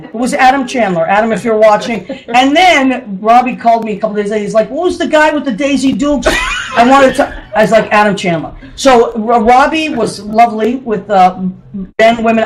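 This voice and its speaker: A woman host, telling family stories with jokes and laughter. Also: fairly high pitch. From Boston area. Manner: animated, joking, laughing often. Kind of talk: lively family storytelling on a show. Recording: noisy room.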